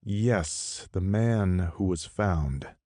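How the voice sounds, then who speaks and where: A man's voice: on the low side, expressive, unhurried, a little mellow, no room sound, studio quality, pitched above the performer's own voice. A man voicing a determined, blunt male team leader in an audiobook, firm and clipped.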